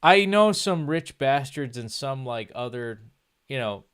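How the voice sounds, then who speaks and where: A young man, ranting on a livestream in a loose, profane and sarcastic way. His voice is smooth and clear at a middling pitch, and he slips into mocking put-on snob voices now and then. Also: lively intonation, a little slow, fairly bright tone, no room sound, clean studio sound. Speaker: streamer. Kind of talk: casual rant on a livestream.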